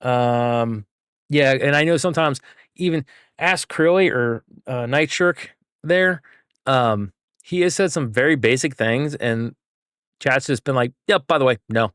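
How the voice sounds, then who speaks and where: A man's voice: mid-range voice, measured pace, fairly bright tone, smooth, dry recording. Chatty male game streamer, dry sound. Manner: thinks aloud, reads chat, works through a puzzle. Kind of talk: casual live gameplay chat.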